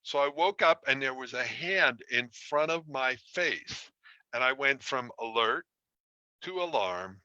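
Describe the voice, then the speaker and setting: Bright-voiced male relationship coach. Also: medium pitch, no echo, highs cut off. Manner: conversational, self-deprecating storytelling. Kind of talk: online course lecture. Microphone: streaming from a computer.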